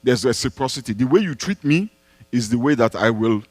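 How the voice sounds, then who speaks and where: In a church, a male pastor gives a sermon-style answer to a question, preaching with emphasis, circling back to key phrases, and firing off rhetorical questions. His voice is expressive and a little mellow, moving a little fast with a freely rising and falling pitch. The sound is close and dry, with no room around it.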